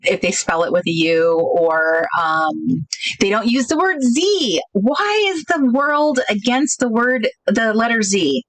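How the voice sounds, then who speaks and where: A woman hosting a casual craft livestream, thinking out loud and chatting with viewers about their comments. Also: a little high, takes it slowly, no echo, poor audio. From United States.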